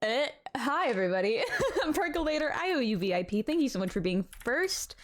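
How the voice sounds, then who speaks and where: A woman's voice: high-pitched, sing-song, a little fast. A young woman chatting casually with her live-stream chat from home, bubbly and rambling, laughing often.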